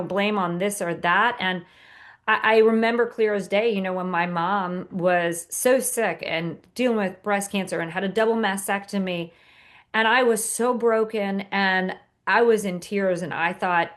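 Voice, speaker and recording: A woman author speaking as a podcast guest, earnest and motivational, with frequent fillers and restarts. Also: medium pitch. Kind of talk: podcast interview.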